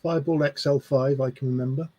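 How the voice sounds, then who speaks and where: A man on a casual hobby panel, chiming in with quick quips and banter. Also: mid-range voice, fairly even intonation, dark tone. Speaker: panel guest. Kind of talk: casual chat.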